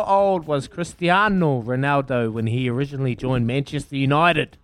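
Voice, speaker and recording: A man's voice: medium pitch, normal speed, a bit bright, smooth. A man hosting a casual radio phone quiz, upbeat and calling everyone mate and brother. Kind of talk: casual breakfast radio chat.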